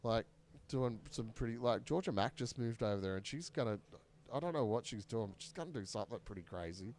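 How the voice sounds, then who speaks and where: A man's voice: medium pitch, animated, brisk, darkish tone. An Australian man hosting a fundraiser stream, chatting casually and joking at his own expense, laughing often. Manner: jokey, self-mocking, laughs often. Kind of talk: casual chat.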